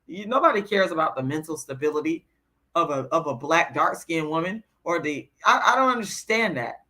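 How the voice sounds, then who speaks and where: A woman's voice: low-pitched, animated, normal speed, sharp tone. A woman on a livestream answering her chat, moving between lecturing and blunt, profane venting as she gets worked up. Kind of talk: heated livestream rant.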